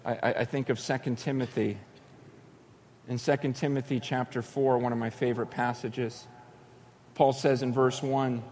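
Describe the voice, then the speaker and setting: A man preaching a sermon, telling stories with acted-out voices and sudden shouts. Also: medium pitch, little pitch movement, normal speed, a little hiss or hum. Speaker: pastor.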